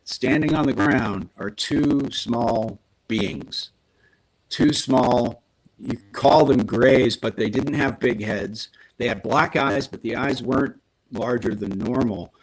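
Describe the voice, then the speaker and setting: A man's voice: medium pitch, rough recording. A man on a podcast, casually retelling a story with animation and acting out the quoted lines. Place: podcast studio.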